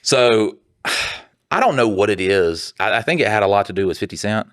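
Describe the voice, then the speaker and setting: A man co-hosting a podcast, telling a story in casual chat, animated and swearing freely, acting out what other people said. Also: fairly low pitch, moderate pace, dry recording, studio quality. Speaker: podcast co-host.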